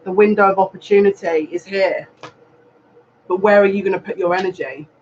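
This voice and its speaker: A man's voice: high-pitched, fairly even intonation, a little fast, a little mellow. A man giving a live tarot reading, earnest and repetitive, speaking straight to the viewer. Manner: earnest, repetitive, advising directly. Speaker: psychic reader. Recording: dull lo-fi sound with faint noise.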